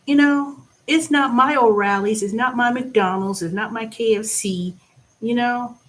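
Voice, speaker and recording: A woman hosting her own vlog, giving a blunt, profane monologue that swings between loud bursts and low asides. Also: a little slow. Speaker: vlog host. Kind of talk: casual ranting monologue.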